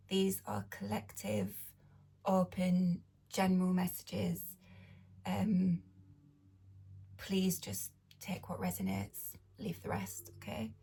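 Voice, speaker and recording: Slow, husky woman half-whispering a tarot reading. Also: medium pitch, flat delivery, dark tone. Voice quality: husky, often drops to a whisper. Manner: unhurried, explains with fillers and checks in. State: slightly croaky voice. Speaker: tarot reader.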